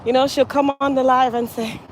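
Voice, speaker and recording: A woman's voice: sits high, level tone, a little fast, a little hiss or hum. A woman hosting her hair care channel, chatting casually with viewers in a playful, teasing, slangy way.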